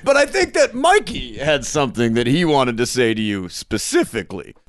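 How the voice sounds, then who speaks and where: A man's voice: mid-range voice, wildly swooping pitch, moderate pace, crowd noise. A man hosting a casual podcast, laughing often and joking with his co-hosts. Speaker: podcast host.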